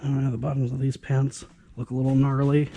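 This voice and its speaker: Male reseller, mid pitch, warm low-key tone, casual sardonic running commentary while he has hiccups. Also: monotone, fast, slight background noise. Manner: offhand, dryly sarcastic remarks. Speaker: storage locker reseller.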